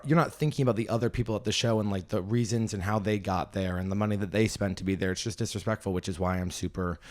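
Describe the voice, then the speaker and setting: A young man hosting a comedy podcast, telling a story in animated, gossipy casual chat, often breaking into loud laughs. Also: on the low side. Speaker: podcast host and stand-up comedian.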